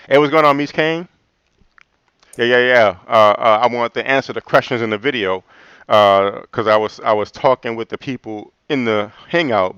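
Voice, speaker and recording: A man's voice: on the low side, fairly bright tone, smooth, dry recording, highs cut off. A man hosting a livestream and answering live comments in a loose, rambling way, laughing often and saying "man" a lot. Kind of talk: casual livestream chat.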